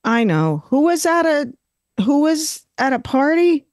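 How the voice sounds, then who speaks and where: A woman's voice: sits high, big pitch swings, measured pace, darkish tone. A woman hosting a podcast in casual conversation, joking and cutting in with questions. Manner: interrupts to ask questions, joking. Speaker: podcast host.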